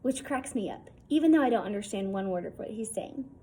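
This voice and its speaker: A woman's voice: medium pitch, expressive, a little fast, dark tone, a little hiss or hum, rough recording. A woman reading a novel aloud in a casual, wry first-person storytelling tone. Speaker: audiobook reader.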